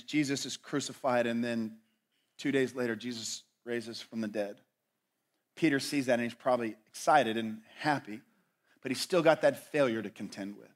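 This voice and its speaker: A man preaching a sermon as pastor, swinging from loud, dramatic lines to hushed ones and asking his listeners rhetorical questions. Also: mid-range voice. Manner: asks the audience rhetorical questions.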